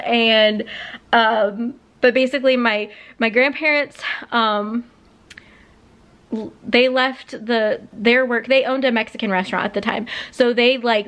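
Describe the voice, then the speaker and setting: A woman's voice: on the high side, fairly bright tone. A woman in her late twenties telling a personal story on her vlog, rambling with many fillers and close to tears. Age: late 20s. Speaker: vlogger.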